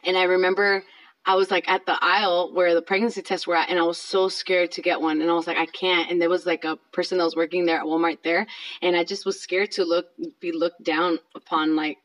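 A woman's voice: lowish voice, flat delivery, fairly quick, poor audio. A woman in her thirties telling a personal story in a casual, chatty way, with lots of fillers. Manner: chatty, filler-heavy, self-conscious.

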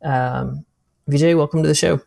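A man's voice: a little high, fairly even intonation, normal speed, gravelly, darkish tone, no echo, clean studio sound. A man hosting a podcast, talking casually and hesitating with fillers. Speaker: podcast host. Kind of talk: casual interview chat.

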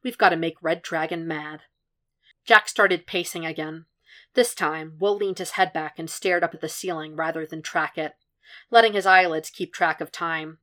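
A woman reading a fan fiction story aloud as a podfic narrator, in a measured, even storytelling manner. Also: low voice. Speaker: podfic reader.

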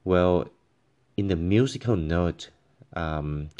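Man, language teacher, deep low voice, unhurried, lots of ums, demonstrates tones out loud. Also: clean tone. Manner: patient, halting, with many fillers and pauses; demonstrates tones by voicing syllables and musical notes. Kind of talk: tone pronunciation lesson.

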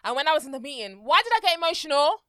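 A woman's voice: sits high, big pitch swings, rapid-fire, sharp tone, dry recording. A woman co-hosting a podcast, chatting casually and laughing as she tells stories. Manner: laughs while telling stories. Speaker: podcast co-host. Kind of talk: casual chat.

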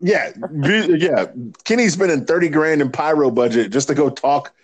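A man's voice: on the high side, moderate pace, breathy edge. A man co-hosting a casual podcast, retelling wrestling segments in a loose, profane way and acting out the people he quotes. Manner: profane, animated retelling with impressions. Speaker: podcast co-host. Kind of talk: casual chat.

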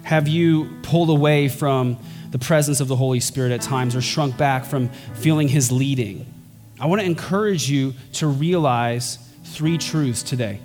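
A pastor preaching a sermon, earnest and emphatic, his voice climbing higher on key points. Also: normal speed, a little mellow. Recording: long hall reverb with faint music.

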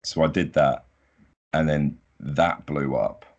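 A young man, a podcast guest chatting casually in a relaxed, modest, unhurried way. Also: rumbling low, gravelly, lo-fi sound. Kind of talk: casual chat.

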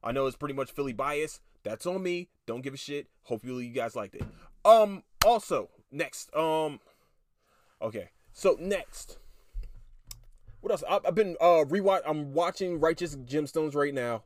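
A man's voice: fairly high pitch, expressive, moderate pace. Chatty profane man. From Philadelphia, USA. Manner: rambling, profane, self-interrupting. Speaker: podcast host. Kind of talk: casual TV review chat.

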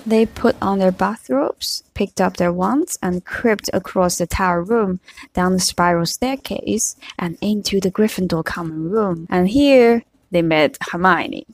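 A woman reading a novel aloud with her own comments, in steady storytelling. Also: lowish voice, unhurried, dry recording. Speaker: reader.

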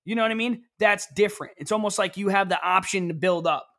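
A young man co-hosting a casual streamed chat, excitable and rambling. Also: sits high, fast, vocal fry. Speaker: co-host.

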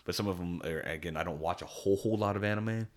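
Speaking quickly in a low voice, a man co-hosts a podcast. The talk is a casual, enthusiastic chat full of rambling and frequent restarts.

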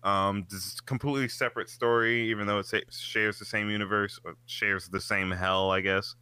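A man co-hosting a casual podcast chat, animated and swearing freely, his voice jumping up when he gets excited. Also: fairly low pitch, a little fast, clean tone, dry recording. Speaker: podcast co-host.

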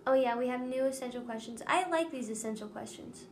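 Giggly high-voiced teenage girl. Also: a little fast, slight background noise. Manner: giggly, chatty, says "like" a lot. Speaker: student co-host. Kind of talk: casual chat.

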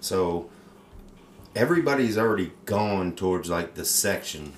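A man's voice: deep voice, lively intonation, unhurried, a little hiss or hum. A man on a casual podcast telling a story animatedly, swearing freely and acting out the voices. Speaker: podcast co-host. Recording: roomy echo.

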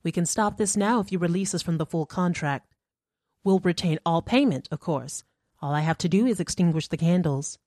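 A woman reading the lines of a stern, calm older mother who leads a séance, speaking softly, clearly and without hurry. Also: lowish voice, no room sound, clean studio sound, close to an everyday voice. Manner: soft, clear and unhurried.

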